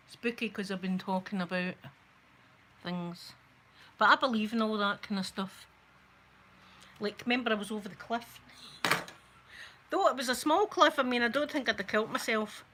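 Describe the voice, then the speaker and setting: A Scottish woman hosting a soft-spoken ASMR makeup video, chatting to viewers and rambling through stories, sometimes dropping to a near-whisper. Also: medium pitch, normal speed, pauses often, background noise. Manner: chatty, rambling storyteller who talks to viewers. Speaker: ASMR channel host.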